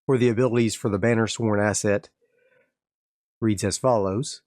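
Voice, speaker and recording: A man's voice: on the low side, fairly even intonation, moderate pace, darkish tone, no room sound, clean studio sound. A man playing a solo tabletop game, calling out his dice rolls step by step and narrating the story. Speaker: game master and solo player.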